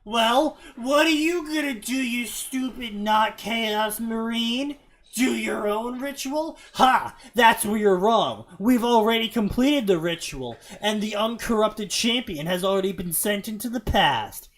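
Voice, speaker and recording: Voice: medium pitch, unhurried, pitched above the performer's own voice, natural voice. A fanfiction reader voicing a gloating male chaos sorcerer in a raised, mocking voice. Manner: loud, mocking and triumphant.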